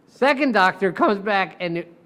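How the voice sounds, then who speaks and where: A man, a defense attorney, telling courtroom stories in a casual, animated way, acting out the voices of the people he quotes and swearing freely. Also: high-pitched, normal speed. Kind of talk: casual storytelling.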